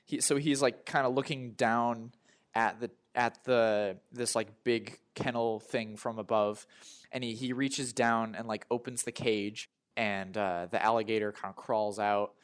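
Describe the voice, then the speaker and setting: A man's voice: medium pitch, steady tone, a little slow, smooth. Rambling young man narrating a game. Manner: rambling, full of "like" and "kinda". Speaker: player. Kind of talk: narrating his character's actions in a tabletop game.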